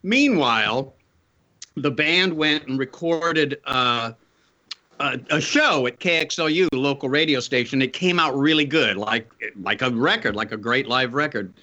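A man recounting a story as a guest in a casual interview, relaxed and full of fillers. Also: medium pitch, measured pace, lo-fi sound.

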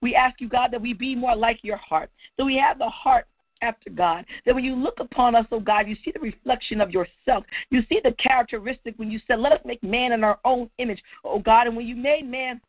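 A woman's voice: on the high side, a little fast, dry recording. A woman leading a fervent spoken prayer, repeating "oh God" between phrases and rising to cries. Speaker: prayer leader. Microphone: phone line. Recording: tinny phone line.

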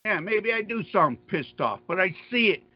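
A man's voice: high voice, very animated, moderate pace, no room sound. A man ranting angrily and profanely about politics as a podcast co-host, repeating himself as he goes. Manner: angry, profane, repetitive. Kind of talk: heated political rant. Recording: dull, dry lo-fi sound.

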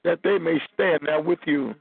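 Male minister, phone-line sermon, raspy, fairly high-pitched, very dry sound. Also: moderate pace, no echo. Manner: preaching, reading scripture aloud.

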